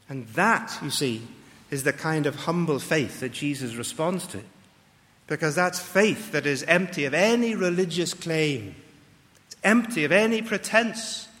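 A man's voice: on the high side, a bit bright, in a large hall. A man preaching a sermon in an earnest, emphatic way, raising his voice when he acts out cries for help.

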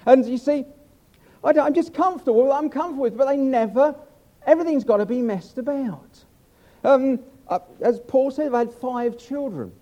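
A man's voice: very high voice, normal speed, mellow, dull audio. An older man preaching a humorous sermon, chatty and self-mocking as he tells stories.

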